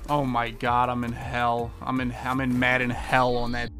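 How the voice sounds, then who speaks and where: A man's voice: mid-range voice, monotone, a little slow, hardly any pauses, a bit bright, faint music behind. A young man giving live, trash-talking commentary on his football video game, full of slang and sudden outbursts. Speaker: gaming streamer.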